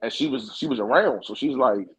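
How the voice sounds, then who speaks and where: A man's voice: mid-range voice, brisk, slightly rough, dry recording, rough recording. A man telling a long story on a podcast, in loose, profane, casual chat. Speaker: podcast co-host.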